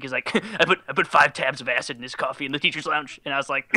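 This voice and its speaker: A man's voice: medium pitch, a little fast, sharp tone, no echo. A young man casually telling stories on a podcast, swearing freely and acting out the people he quotes. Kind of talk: casual storytelling chat.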